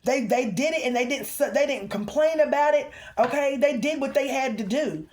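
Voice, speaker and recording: A woman's voice: high voice, normal speed, darkish tone, a little hiss or hum. A woman giving a collective spiritual reading, talking to the viewer and calling on the ancestors, with a habit of checking in with "okay?". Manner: emphatic, repeatedly checks in with "okay?"; calls out to the ancestors mid-reading. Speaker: spiritual reader.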